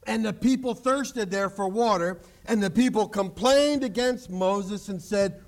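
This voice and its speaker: A man preaching a sermon to his congregation, animated, joking and acting out the people in the story. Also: high voice, a little slow, hardly any pauses. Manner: animated preaching with jokes and acted-out quotes. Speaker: pastor.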